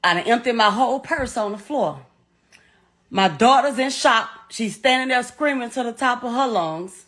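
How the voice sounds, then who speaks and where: A woman's voice: a little high, animated, fairly bright tone. Blunt middle-aged woman, raw retelling. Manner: blunt, profane, halting retelling. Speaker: mother telling her story. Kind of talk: emotional first-person account.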